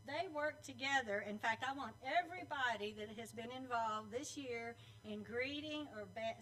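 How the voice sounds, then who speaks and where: A woman's voice: a little high, pushed and bright, recorded from a distance, a little hiss or hum, low-quality recording. A woman addressing a club meeting, calling members by name and asking them to stand, in a chatty, teasing way. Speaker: club board member introducing teams. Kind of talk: informal meeting announcements. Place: meeting room at a club luncheon.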